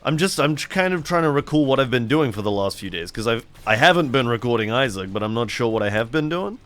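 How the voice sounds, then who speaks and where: A man's voice: mid-range voice, animated, fast talker, a bit bright, soft background music. A middle-aged man hosting a casual let's play, chatting in a rambling, laid-back way while he plays. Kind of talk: casual gameplay commentary.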